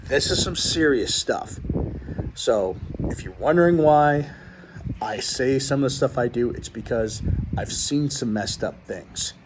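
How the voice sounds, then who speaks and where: A man's voice: mid-range voice, expressive, unhurried, background noise. A man hosting his own show, ranting bluntly and rambling to his viewers with many restarts. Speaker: show host. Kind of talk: casual rant to viewers.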